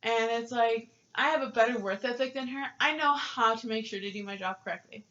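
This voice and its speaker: A woman's voice: a little high, brisk, hardly any pauses, fairly bright tone, muffled recording. A young woman ranting to camera about her job, frustrated and swearing, with many filler ums. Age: young adult. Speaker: vlogger. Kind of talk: casual rant to camera.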